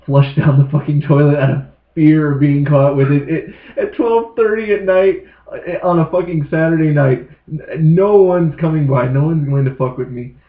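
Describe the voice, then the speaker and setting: A man's voice: on the high side, normal speed. A man co-hosting a podcast, telling stories casually with lots of swearing. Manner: profane, animated storyteller. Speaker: podcast co-host. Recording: echoey, phone-like lo-fi sound.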